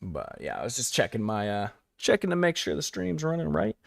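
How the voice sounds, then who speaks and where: A man's voice: mid-range voice, huge pitch swings, brisk, creaky, no room sound, clean studio sound. A man giving a casual, rambling live-stream recap, full of fillers and chuckling asides.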